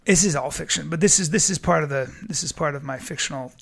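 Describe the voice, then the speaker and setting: Excitable high-voiced man telling a story. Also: quick pace, creaky, husky. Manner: excitable, acts out voices, stammers. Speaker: comedian guest. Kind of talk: animated comic storytelling.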